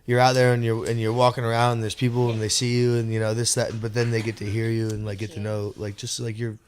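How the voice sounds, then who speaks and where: A man's voice: medium pitch, completely flat delivery, fast talker. A man guest on a podcast, rambling in casual chat. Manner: rambling, full of fillers and restarts.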